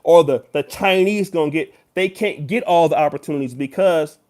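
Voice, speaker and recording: A man with a raised, high-pitched speaking voice delivers a YouTube commentary. He talks straight to his viewers in an emphatic, lecturing way, leaning on each point. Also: normal speed, a little mellow. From United States. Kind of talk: direct-to-camera commentary.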